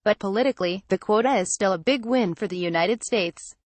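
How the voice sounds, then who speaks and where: A woman narrating a trade-policy newsletter as scripted news, with a measured, even delivery. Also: medium pitch, no echo.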